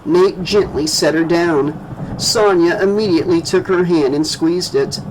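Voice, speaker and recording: Slow, dramatic male audiobook narrator. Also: on the high side, darkish tone, slight background noise, rough recording. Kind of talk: scripted narration.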